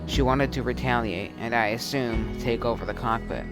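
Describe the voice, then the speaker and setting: A man narrates a first-person action story in short, dramatic sentences. His voice sits in an ordinary middle pitch. Loud music plays beneath him the whole time. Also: fairly even intonation, moderate pace. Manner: terse, dramatic, shouts quoted lines.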